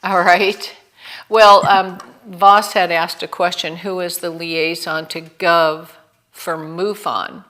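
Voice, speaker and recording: Slow-talking woman hosting a video call. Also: lowish voice, little pitch movement, fairly bright tone. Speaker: host.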